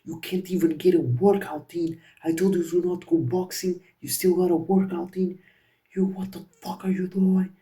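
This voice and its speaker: Angry strict dad, done by a young man: higher-pitched, barking, heard from a bit away. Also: flat delivery, normal speed, far from the mic. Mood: furious. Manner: shouting orders, raised pitch. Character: angry strict father scolding his son.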